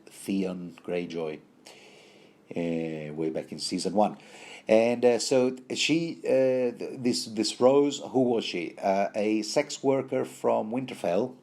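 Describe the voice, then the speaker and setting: A man's voice: on the low side, mellow. A man giving a rambling, casual book commentary, full of fillers and wry asides.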